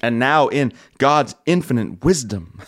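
Guy preaching on the radio, punchy emphasis, lots of pauses, dry close sound, middle pitch. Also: expressive, no echo. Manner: emphatic preaching with dramatic pauses and occasional chuckles; rising emphasis on repeated phrases. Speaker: radio show host preaching. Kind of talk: radio sermon.

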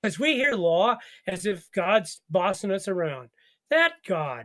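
Animated high-voiced man, radio Bible talk. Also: measured pace. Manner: animated, laughs often, repeats words while thinking. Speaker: pastor and radio Bible study host. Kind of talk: conversational Bible study.

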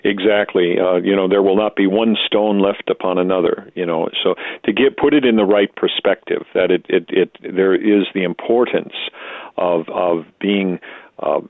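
Male pastor co-host, low voice, phone-like dry audio, earnest and measured with hesitations. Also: fairly even intonation, no echo. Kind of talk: casual theological discussion. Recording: tinny phone-line audio.

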